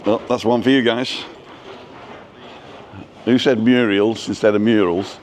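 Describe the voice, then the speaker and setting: A man's voice: fairly low pitch, fairly even intonation, measured pace, a little mellow, a little hiss or hum. A man hosting a casual live stream while walking outdoors through a seaside town, chatting and reading out viewers' names. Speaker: vlogger host.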